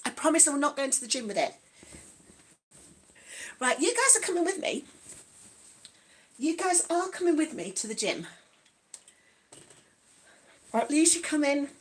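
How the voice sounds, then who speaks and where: A woman's voice: sits high, fairly bright tone. A chatty, giggly woman with an East Midlands accent, talking casually to viewers and reading out their comments. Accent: East Midlands English. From Nottingham, England. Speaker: vlogger. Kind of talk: casual livestream chat.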